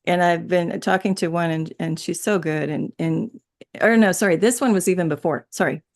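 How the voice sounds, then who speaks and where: A woman's voice: lowish voice, normal speed, a little mellow. A woman guest in a casual spiritual conversation, rambling and laughing often, with many restarts. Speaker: interview guest.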